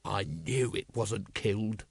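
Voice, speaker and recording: A man voicing a gruff, bitter city watch captain who talks in a low, grumbling growl. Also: lively intonation, normal speed, dry recording, clean studio sound.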